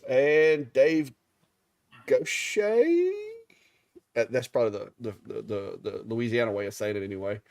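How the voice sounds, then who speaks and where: A man's voice: mid-range voice, unhurried, gravelly, darkish tone. A middle-aged man with a Southern Alabama accent, co-hosting a live stream in an easygoing drawl and stumbling over names. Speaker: live show co-host. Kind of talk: casual live-stream chat.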